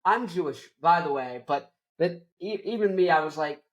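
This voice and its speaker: A man's voice: a little high, normal speed. Rambling young man ranting about movies. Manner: animated and rambling, full of "like". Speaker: host. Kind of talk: casual movie rant.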